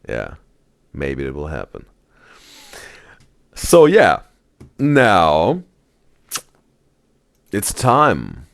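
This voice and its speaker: A man streaming a casual reaction video, rambling with many restarts and trailing off quietly. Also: very deep voice, gravelly, dry recording.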